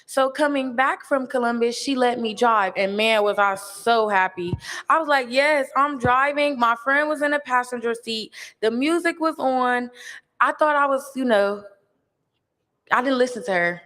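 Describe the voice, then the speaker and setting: A woman's voice: on the high side, fairly bright tone. Earnest teenage girl in a reverberant hall. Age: teens. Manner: earnest, halting with fillers. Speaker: student speaker. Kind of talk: personal testimony.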